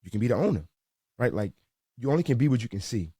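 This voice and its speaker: A young man from Baltimore, a sports reporter guesting on a podcast, talking earnestly with a few halting restarts. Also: medium pitch, very animated, dark tone, slightly rough, no echo, clean studio sound. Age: young adult. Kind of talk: casual podcast chat.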